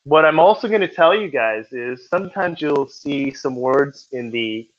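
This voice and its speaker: A man teaches a test prep class in a casual lecture style and keeps checking that students follow. His voice sits at a middling pitch. The recording sounds dull and lo-fi. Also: lively intonation, a little slow.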